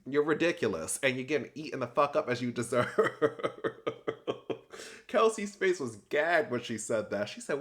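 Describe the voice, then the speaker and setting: A young adult man recapping a reality TV episode in casual commentary, animated and sassy, acting out people's lines with slangy asides. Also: medium pitch, a little slow, pauses often.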